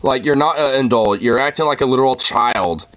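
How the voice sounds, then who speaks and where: A young man giving casual, profane reaction commentary on a video, incredulous and quick to laugh. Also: mid-range voice, a bit bright. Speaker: reaction streamer.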